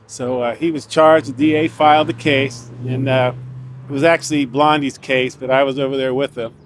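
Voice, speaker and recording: A retired police officer recounting a court case in a conversational way, with fillers. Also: male voice, mid-range voice, fairly even intonation, moderate pace, noisy background. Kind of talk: storytelling interview.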